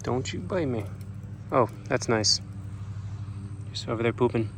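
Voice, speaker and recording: A man's voice: medium pitch, animated, a little slow, fairly bright tone, a little hiss or hum. A man who keeps an animal sanctuary, chatting casually to his birds and pigs outdoors, coaxing and scolding them in a playful baby-talk way, recorded on a handheld phone. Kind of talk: casual vlog talking to animals. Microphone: phone held in hand.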